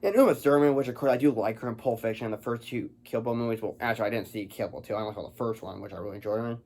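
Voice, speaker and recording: A man's voice: on the low side, racing, a little mellow. Rambling man reviewing a film. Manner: rambling, stumbles over words.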